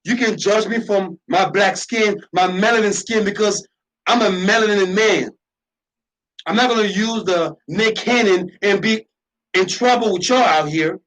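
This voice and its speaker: A man's voice: high voice, unhurried, fairly bright tone, poor audio. A man hosting a radio talk show, delivering an impassioned, preachy monologue with lots of repetition and emphasis.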